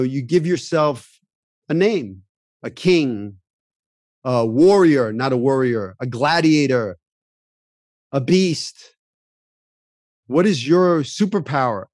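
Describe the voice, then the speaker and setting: Guy doing a fired-up motivational podcast rant, kinda high voice, super dry mic. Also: a little mellow, no room sound. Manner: emphatic, preachy, rhyming pep-talk delivery; speaks to listener directly. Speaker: podcast host and acting coach.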